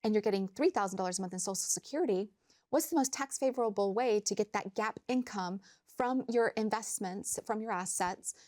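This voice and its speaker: A woman's voice: mid-range voice, a little mellow. Woman explaining finances step by step. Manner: measured, explains in plain steps. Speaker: financial advisor. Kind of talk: explanatory talk-show chat.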